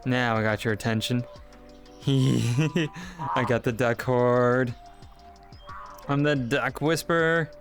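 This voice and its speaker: A man's voice: takes it slowly, long pauses, over music. Playful, giggly male streamer. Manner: playful and excitable, giggly, big pitch jumps. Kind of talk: casual live-stream chat while gaming.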